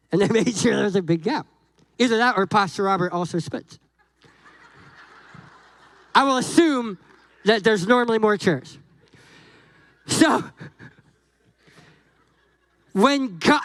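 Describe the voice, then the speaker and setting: Guest pastor, male, very high voice, slow deliberate delivery, jokey storyteller who voices the characters in his sermon. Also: dry recording, poor audio. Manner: animated, jokey, acts out dialogue with God and Moses.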